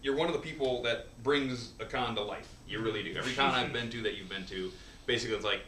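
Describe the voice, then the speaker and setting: A man's voice: medium pitch, fast talker, recorded from a distance, slight background noise. A man hosting a casual interview, enthusiastic and joking with his guest. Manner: enthusiastic, lively, fond of jokes. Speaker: host. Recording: echoey room, voice from off-mic.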